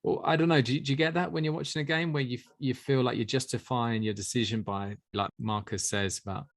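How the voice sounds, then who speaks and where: A man's voice: mid-range voice, steady tone, fast talker. A man co-hosting a podcast, reading listener questions and chatting wryly. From southern England. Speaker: podcast co-host.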